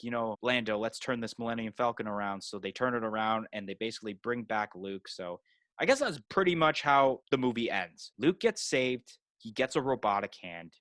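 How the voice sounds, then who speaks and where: A man with a fairly low voice recaps a film for his podcast in a loose, rambling way, leaning on "you know" and "like". The sound is close and dry, with no room around it. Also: a bit bright, no echo. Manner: loose storytelling full of "you know" and "like" fillers. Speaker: podcast co-host. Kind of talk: casual movie recap chat.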